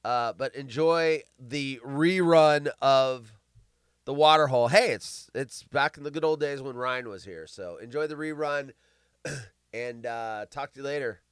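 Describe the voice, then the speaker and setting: A male show host who is losing his voice, speaking quietly and tiredly and clearing his throat now and then. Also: medium pitch, moderate pace, no room sound, clean studio sound. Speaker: podcast host. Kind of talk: casual chat.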